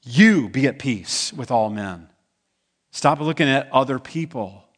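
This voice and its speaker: A man's voice: mid-range voice, lively intonation, a little slow. A man preaching a sermon as pastor, talking in a conversational way and asking the congregation questions. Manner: acts out quoted voices in the stories.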